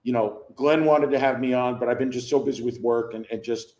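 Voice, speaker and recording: A man's voice: mid-range voice, steady tone, brisk, a little mellow. A man in his fifties, a guest on a live sports chat, rambling with wry humor. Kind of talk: casual chat. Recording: echoey remote call audio.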